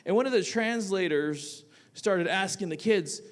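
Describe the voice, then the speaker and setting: Animated man telling a story on stage. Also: sits high, measured pace. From United States. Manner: animated, swinging from loud bursts to quiet asides; casual, with frequent "like" fillers. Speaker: teacher telling a personal story. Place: theatre stage.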